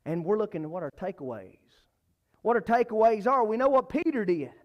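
A man preaching a church sermon, emphatic, repeating phrases and swinging between loud and soft. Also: very animated, brisk, muffled recording. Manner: emphatic, repeats phrases, rises and falls in pitch and volume.

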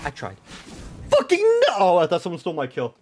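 A young man streaming a shooter game live, rambling and swearing excitably with lots of filler words. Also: a little high, racing, soft background music. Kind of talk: live gameplay commentary.

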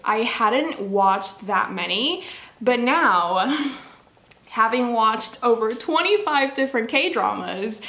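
A woman's voice: on the high side, a bit bright. A young woman chatting casually on her book vlog, bubbly and rambling, full of "like"s. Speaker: book vlogger. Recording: echoey room.

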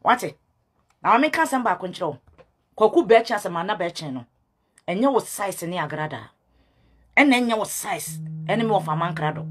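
A woman's voice: medium pitch, expressive, moderate pace, pauses often, husky. A Ghanaian woman ranting to camera, scolding and repeating herself, switching between her language and English. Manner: scolding, repetitive, mixes in English. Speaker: self-styled prophetess. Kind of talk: heated rant to camera.

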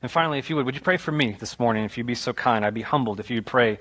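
A young adult man delivers a sermon from a church sanctuary with a middle-pitched voice. He tells stories with animated energy, climbing higher when he acts out his own words. His talk is plain and conversational, with small restarts. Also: rapid-fire. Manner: storytelling with rising animated retellings. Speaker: pastor.

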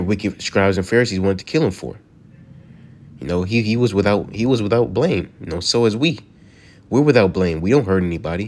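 A man teaching from scripture in a loose, conversational way, reading verses slowly and then explaining them, with "man" and "you know" at the ends of his lines. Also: low-pitched, a little mellow. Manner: slows to read scripture aloud, then explains it. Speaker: preacher.

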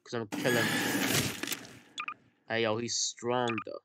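A woman with an unusually low voice talks through a video game, excitable and swearing as she yells at the action on screen. Loud noise sits under the whole recording. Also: measured pace. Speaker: gamer. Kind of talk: gameplay commentary.

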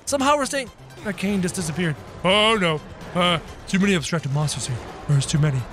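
A man giving excited, energetic commentary over his game, talking straight to his viewers. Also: sits high, brisk, faint music behind. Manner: energetic, talks to viewers as "guys". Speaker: gaming video creator.

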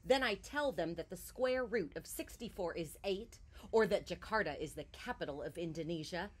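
A woman reading a children's picture book aloud on a porch, shifting from hushed whispers to loud outbursts. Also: fairly low pitch, animated, normal speed. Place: porch, outdoors.

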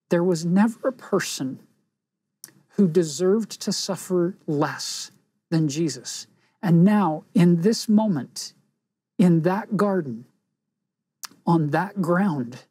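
An earnest woman teaching a scripture lesson, reflective and deliberate. She talks slowly, with a mellow, husky, breathy voice, and her pitch sits a little low. The sound is dry and close. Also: dry recording. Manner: earnest, reflective, pauses for emphasis.

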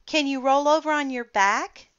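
A woman's voice: high voice, normal speed, a bit bright, dry recording, highs cut off, voice pushed up. A woman voicing a group of children from a children's storybook, calling out cheerfully. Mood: excited.

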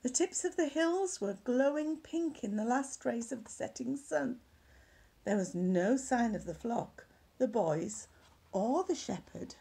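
A woman reading a children's story aloud at church, animated, dropping to hushed whispered asides. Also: fairly high pitch, unhurried, gravelly, slightly rough.

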